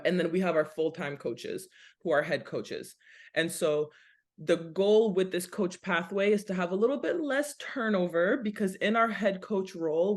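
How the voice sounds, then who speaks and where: Podcast guest: young adult woman, earnest and explanatory, casual interview talk. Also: fairly low pitch. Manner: earnest and explanatory, lists things in runs. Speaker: basketball nonprofit director, podcast guest.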